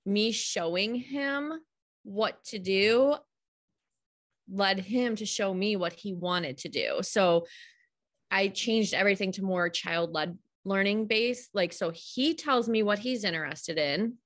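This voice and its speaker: A woman's voice: mid-range voice, slow, fairly bright tone. A woman guest, a homeschooling mother, talking things through at length in an earnest, open way during a casual live call.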